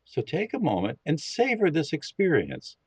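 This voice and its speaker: A man on a podcast who guides listeners through a meditation, speaking in a calm, slow and instructive way. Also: on the high side, husky, no echo. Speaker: podcast guest leading a meditation. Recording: dull lo-fi, dry sound.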